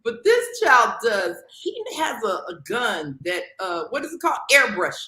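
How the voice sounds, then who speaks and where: A woman, a guest on a talk show, telling a story in a casual, animated way and acting out the dialogue. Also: on the high side, normal speed, echoey room, rough recording. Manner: animated, acts out quoted dialogue.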